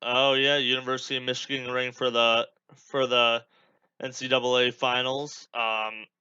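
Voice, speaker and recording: A man's voice: mid-range voice, sharp tone, clear, resonant tone, no room sound. Rambling young man on a lo-fi mic. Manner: rambling, many fillers, chatty asides. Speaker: podcast host. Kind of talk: casual watch-along commentary.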